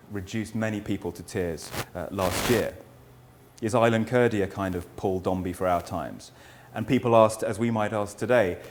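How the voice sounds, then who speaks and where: A middle-aged man giving an academic lecture as a historian, earnest and thoughtful, posing rhetorical questions and often pausing to restart his sentences. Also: on the low side, fairly bright tone, a little hiss or hum. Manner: frequent hesitations and restarts.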